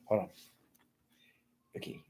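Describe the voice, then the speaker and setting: A man rambling in crude off-the-cuff commentary, mumbling and trailing off into low asides. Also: slow pace, heavy background noise. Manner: crude, rambling, self-interrupting.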